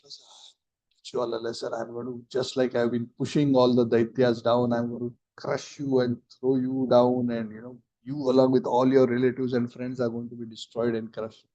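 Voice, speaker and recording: A man's voice: mid-range voice, little pitch movement, moderate pace, warm tone, lightly acted. A man doing a boastful, threatening god-king. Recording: dull lo-fi recording.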